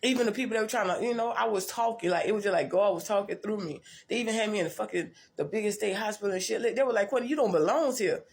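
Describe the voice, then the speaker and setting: A woman's voice: mid-range voice, fast, gravelly, hardly any pauses. A woman tells her life story in a blunt, profane, rambling way, often restarting and repeating herself. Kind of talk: casual storytelling monologue.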